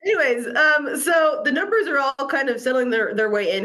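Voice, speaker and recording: A woman talking casually about spiritual topics in a relaxed, affirming way, over a video call. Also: sits high, moderate pace. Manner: relaxed, affirming, quotes herself. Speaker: co-host.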